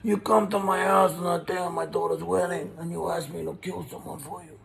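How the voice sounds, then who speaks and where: A man doing an impression of a brooding older mafia boss, speaking slowly and breathily. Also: sits high, little pitch movement, creaky, a crowd in the background, pitched above the performer's own voice.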